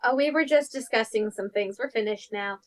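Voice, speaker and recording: Giggly high-voiced woman player. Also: rough recording. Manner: giggly, chatty, quick to laugh. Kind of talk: casual tabletop play.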